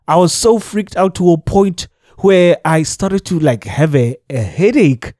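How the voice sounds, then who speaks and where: Animated South African young man telling a story. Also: a little high, a little slow, hardly any pauses, no room sound, studio quality. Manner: animated, mixing English with local phrases, laughs through the telling. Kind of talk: casual storytime monologue.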